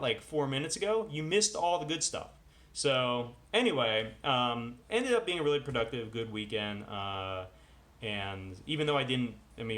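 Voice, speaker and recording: A man's voice: medium pitch, a bit bright. A man vlogging at home in casual chat, rambling and full of self-deprecating asides. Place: at home with dogs.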